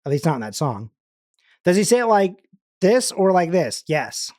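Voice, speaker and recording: A man's voice: high-pitched, sing-song, moderate pace, a little mellow, no room sound. Brief: male streamer, rambling casual chat, dry close sound. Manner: rambling, chatty, lots of fillers and restarts. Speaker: livestream host.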